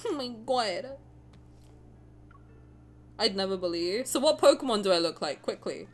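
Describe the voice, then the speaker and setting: A woman's voice: mid-range voice, animated, unhurried, long pauses. A young woman streaming a game, chatting playfully with her chat, teasing and swearing freely. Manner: answers chat messages aloud. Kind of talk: casual livestream chat.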